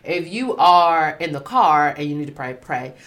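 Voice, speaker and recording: A young woman with a slightly low voice, chatting casually on a faith podcast. She talks expressively and playfully, tossing in quick asides. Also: lively intonation, a bit bright. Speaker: podcast co-host.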